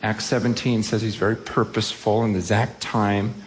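A man's voice: lowish voice, level tone, a little fast, in a large hall, a little hiss or hum. A man preaching a sermon to a congregation in a church, speaking earnestly and with emphasis. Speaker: pastor. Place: church hall with a live audience.

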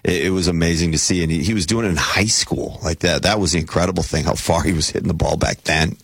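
A man on a sports talk show, earnestly recalling a local baseball legend with halting restarts. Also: sits low, vocal fry, a bit bright, slightly rough, dry recording, studio quality.

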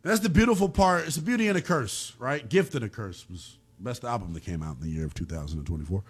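A man co-hosting a casual football talk show, animated and joking between game recaps. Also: medium pitch, fast, breathy edge. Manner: animated, bouncing between hype and jokes. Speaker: sports show co-host.

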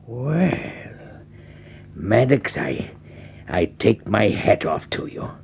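An actor playing a nervous criminal in pain, with a husky, gravelly voice and hesitant, stammering speech, in vintage radio drama style. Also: male voice, fairly low pitch, sing-song, slow, a little mellow, heavily acted. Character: nervous male criminal in pain, needs morphine. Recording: dull lo-fi old radio recording.

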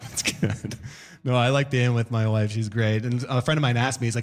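A man in his forties performing a stand-up comedy set, animated and breaking into shouted high voices for his bits. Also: moderate pace.

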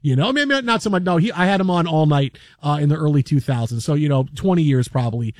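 A man hosting a sports radio show, telling a story in an animated, rambling way full of fillers from a radio studio. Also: on the high side, fast, no room sound. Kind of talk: casual storytelling chat.

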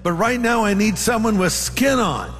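A man's voice: sits high, lively intonation, normal speed, pitched above the performer's own voice. A preacher doing a scared little boy. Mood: pleading. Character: small scared boy calling for his daddy at night. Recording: long hall reverb.

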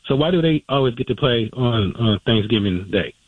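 A man's voice: mid-range voice, lively intonation, normal speed, breathy edge, no echo. Hesitant male caller on a phone line. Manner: casual, hesitant with many fillers. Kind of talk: phone call to sports radio.

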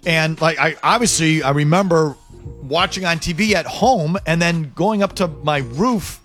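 A man's voice: a little high, moderate pace, fairly bright tone, faint music behind. A man chatting casually on a radio talk show, opinionated and full of restarts. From USA.

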